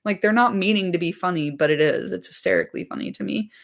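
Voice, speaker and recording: A woman streamer chatting casually to her live audience after a reading, enthusiastic and swearing freely, her voice slightly hoarse. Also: on the low side, fast. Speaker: streamer reading a book aloud.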